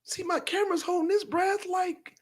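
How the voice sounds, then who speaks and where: A man doing loud, animated political commentary on a live stream, with theatrical gasps and mock panic. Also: extremely high pitch, normal speed. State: dizzy, out of breath after holding breath. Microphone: camera mic.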